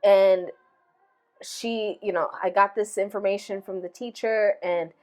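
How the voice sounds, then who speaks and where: A woman in her thirties talks through personal memories on a podcast, reflective and unhurried. She leans on filler phrases as she tells her stories. Her voice sits at an ordinary middle pitch. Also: steady tone, a little mellow. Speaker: podcast host. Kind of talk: casual heartfelt conversation.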